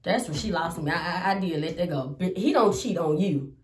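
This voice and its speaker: A young adult woman, a comedian, telling a personal story in a casual vlog. She is animated and profane and swings between loud outbursts and low asides. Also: fairly quick, distant mic, background noise. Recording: echoey room, voice off from the mic.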